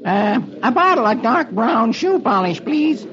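Beetle Bailey, a hapless army private. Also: male voice, very high-pitched, very animated, measured pace, heavily acted. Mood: mild. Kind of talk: 1950s radio comic reading. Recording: dull old radio broadcast with crowd noise.

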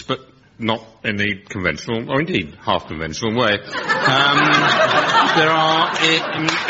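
A man on a comedy panel, telling a risqué tale deadpan and leaning on innuendo. His pitch rises and falls freely. The recording is lo-fi, with clear background noise. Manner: deadpan storyteller, lingering on innuendo. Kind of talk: improvised comic chat. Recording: lo-fi broadcast audio with noise.

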